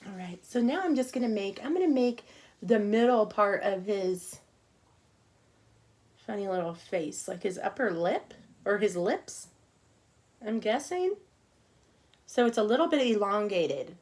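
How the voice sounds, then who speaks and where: Chatty woman teaching a cupcake class. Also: medium pitch. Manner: chatty, talks to herself while working, soft murmurs. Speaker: cake decorating teacher. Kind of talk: casual online class demonstration.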